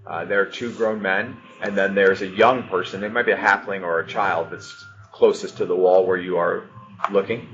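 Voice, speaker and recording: A man narrating a tabletop game as game master, describing scenes in a relaxed way with fillers. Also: low-pitched, moderate pace, music in the background. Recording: dull lo-fi audio with noise.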